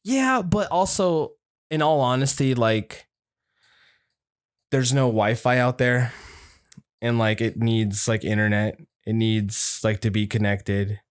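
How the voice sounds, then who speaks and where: A man's voice: lowish voice, little pitch movement, takes it slowly, pauses often, clean tone, dry recording, clean studio sound. A young man hosting a podcast, rambling through stories, swearing and acting out quotes in a raised voice. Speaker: podcast host. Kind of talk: casual chat.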